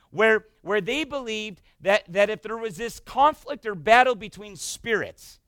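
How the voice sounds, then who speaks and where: A male pastor preaching a sermon, emphatic and swinging between loud bursts and hushed passages. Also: high voice, dry recording.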